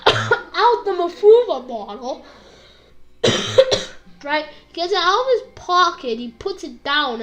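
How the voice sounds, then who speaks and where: A woman's voice: very high voice, a bit bright. A woman casually reviewing an anime episode, rambling with lots of fillers and acting out bits of dialogue. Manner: rambling, full of fillers and quick impressions.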